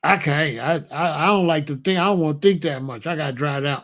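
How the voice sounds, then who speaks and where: A man's voice: a little high, a little fast, a bit bright. A man hosting his own show, delivering a casual comedic monologue full of rhetorical questions and chuckling asides. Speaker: host.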